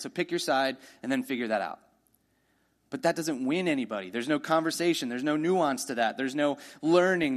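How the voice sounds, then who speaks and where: A man preaching a sermon in a conversational way, often asking his listeners rhetorical questions and reading scripture aloud slowly. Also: mid-range voice. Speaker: pastor.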